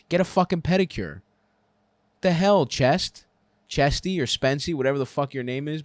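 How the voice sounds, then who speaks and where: A man's voice: fairly high pitch, dry recording. A man hosting a comedy advice show, ranting crudely and laughing at his own jokes on a close mic.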